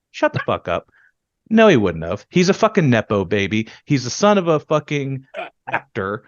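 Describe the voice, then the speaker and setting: Man, mid pitch, heated podcast rant, lots of swearing, dry dull-sounding mic. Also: very animated, no room sound. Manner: profane, ranting, quick bursts that then drop low. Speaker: podcast co-host. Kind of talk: heated casual chat.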